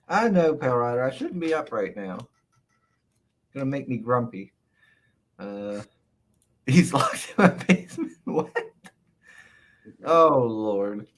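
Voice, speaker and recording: A man hosts a loose, chatty livestream and reads out the chat as he goes. He laughs often and talks right back to the viewers. His voice sits at an ordinary pitch. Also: a bit bright. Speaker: livestream host. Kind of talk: casual chat.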